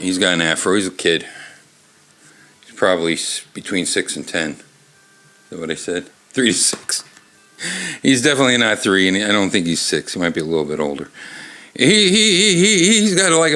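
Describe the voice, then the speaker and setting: A man's voice: lowish voice, fairly bright tone. An older man hosting a casual book podcast from a bar, rambling and swearing wryly as he talks. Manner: rambling, profane, wry. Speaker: podcast host. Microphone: tabletop mic, moved off-axis.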